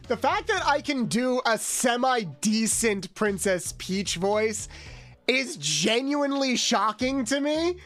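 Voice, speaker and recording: Young woman VTuber, casual gaming chat, somewhat high voice, rambling delivery, swears freely. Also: fairly bright tone. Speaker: VTuber streamer.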